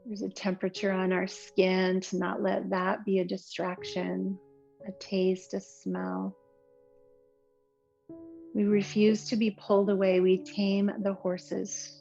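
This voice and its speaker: A woman yoga teacher giving slow, soothing, gentle cues through relaxation and breathing. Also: medium pitch, completely flat delivery, vocal fry. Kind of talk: guided yoga and relaxation instruction. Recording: slightly muffled recording with soft instrumental music.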